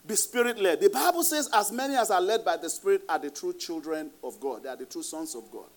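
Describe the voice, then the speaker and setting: A man's voice: high voice, animated, fairly quick. A middle-aged man with a Nigerian accent, preaching a sermon as pastor in an emphatic, raised voice, laughing between points.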